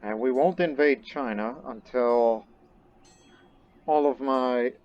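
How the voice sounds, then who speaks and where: A man's voice: medium pitch, slow pace, dull audio, slight background noise. A man casually commenting on his own strategy game as he plays, thinking aloud with chatty asides. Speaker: game streamer.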